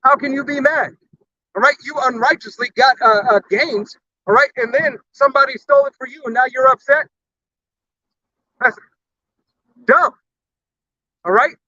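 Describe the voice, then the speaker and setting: Forceful high-voiced male preacher. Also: sing-song, moderate pace, creaky, long pauses, no echo, lo-fi sound. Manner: blunt, profane, punctuates with "all right?". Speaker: street preacher. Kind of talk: fiery sermon.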